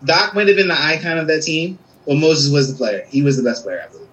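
A man's voice: fairly high pitch, fast, fairly bright tone, low-quality recording. A man co-hosting a sports podcast, talking emphatically and calling people bro. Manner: emphatic, repeats "listen" and "bro". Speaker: podcast co-host. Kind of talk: casual sports podcast chat.

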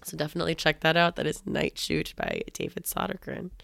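A woman's voice: sits low, huge pitch swings, brisk, creaky, fairly bright tone. A woman co-hosting a podcast, talking in an upbeat, chatty way with fillers and laughs. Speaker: podcast co-host. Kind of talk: casual podcast chat.

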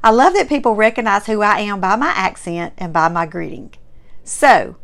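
A woman's voice: mid-range voice, lively intonation, normal speed, vocal fry, fairly bright tone. A woman with a Mississippi Southern accent hosting her own vlog, chatting in a folksy, enthusiastic way and repeating words for emphasis. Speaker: host.

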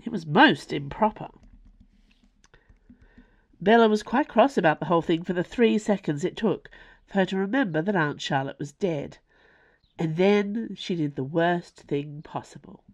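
A woman reads her own novel aloud in a wry, expressive storytelling manner. Her voice sits low but swings widely, rising and falling through each sentence. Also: normal speed, no room sound. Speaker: author and narrator. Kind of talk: audiobook narration.

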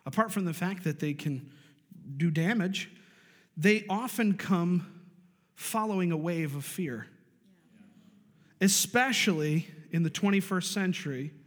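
A man pastor preaching a sermon, building emphasis and calling out to his congregation. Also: sits high. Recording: long reverb of a large hall.

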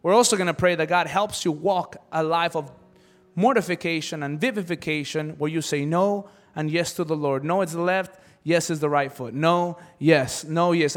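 A man preaching a sermon as pastor, animated, acting out quoted voices in his stories. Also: fairly high pitch. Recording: long hall reverb.

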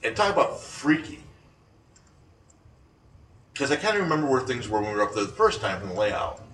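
A man co-hosting a chat show about paranormal investigations, telling rambling, animated stories full of restarts. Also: mid-range voice, brisk. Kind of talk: casual radio-style chat. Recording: echoey room, distant from mic, faint noise.

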